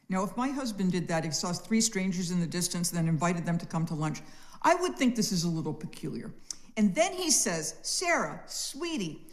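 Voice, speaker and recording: Middle-aged woman, church adult-class teacher, lively storyteller with wry humor, slightly low voice.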